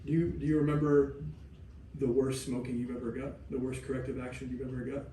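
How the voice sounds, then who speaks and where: Brief: an easygoing male co-host asking questions in a mellow voice, echoey room with faint hum behind. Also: mid-range voice. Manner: relaxed, asks questions, halting restarts. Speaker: podcast co-host. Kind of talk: casual podcast chat. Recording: roomy room, distant mic, faint hum.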